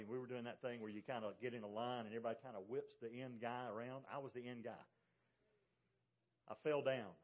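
A man's voice: mid-range voice, muffled recording. A middle-aged man, a pastor, preaching a sermon with emphasis and putting rhetorical questions to his congregation. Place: church sanctuary.

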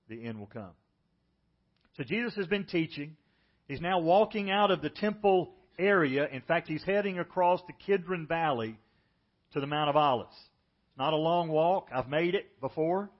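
A middle-aged pastor preaches a sermon, telling the story vividly and raising his pitch to act out the voices he quotes. The church audio is dull and lo-fi.

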